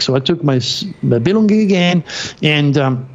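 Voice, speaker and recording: An older man spins an animated story, his voice sitting a little high and acting out every bit of dialogue he recalls. The podcast audio comes through dull and lo-fi, with its top end rolled off. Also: moderate pace. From France. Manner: animated, acts out quoted dialogue. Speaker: guest. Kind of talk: storytelling interview.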